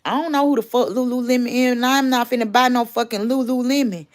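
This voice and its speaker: A woman's voice: on the high side, fast. A woman, casually ranting and gossiping on a livestream, blunt and profane. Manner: blunt, profane, loudly animated.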